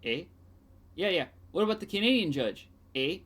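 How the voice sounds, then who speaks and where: A woman streamer chatting casually and joking while playing a game, with loud outbursts. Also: fairly low pitch, big pitch swings, moderate pace, husky. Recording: game music playing behind.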